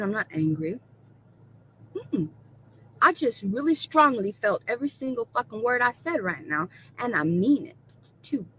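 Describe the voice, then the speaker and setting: Bright-voiced, profane ranting woman. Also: a little high, a little hiss or hum, rough recording. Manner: profane, mocking and defiant. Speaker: video creator being reacted to. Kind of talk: angry rant to camera.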